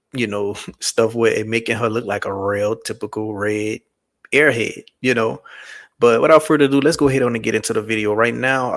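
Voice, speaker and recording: A man's voice: on the low side, creaky, fairly bright tone. A man hosting a reaction show, commenting in a casual, slangy, digressive way. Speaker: host.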